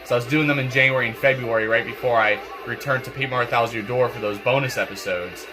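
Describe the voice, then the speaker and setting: A man's voice: mid-range voice, fast. A young man, stuffy and congested, rambling through casual gameplay commentary with lots of fillers and repeated words. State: congested, clearing throat. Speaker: gaming channel host. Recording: game music playing behind.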